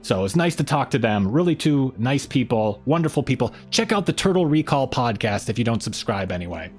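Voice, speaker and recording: A man's voice: mid-range voice, big pitch swings, brisk, darkish tone, faint music behind. A man hosting a casual weekly livestream, rambling loosely and greeting viewers in the chat by name. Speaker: livestream host.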